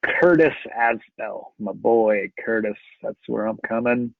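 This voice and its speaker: A man hosting a live call, jokey and energetic, laughing often as he chats casually. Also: on the low side, measured pace, gravelly, no echo. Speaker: host. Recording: tinny phone-like call audio.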